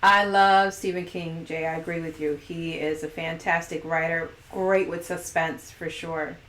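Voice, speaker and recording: A woman's voice: sits low, fairly even intonation, a little slow, fairly bright tone. Giggly female stream host, casual and playful, echoey room. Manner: playful, giggly, reads poll questions aloud. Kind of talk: casual livestream chat.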